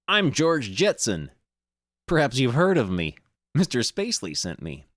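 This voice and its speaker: A man's voice: medium pitch, wildly swooping pitch, measured pace, fairly bright tone, no echo, studio quality. A man voicing an earnest male cartoon office-worker hero in a video game.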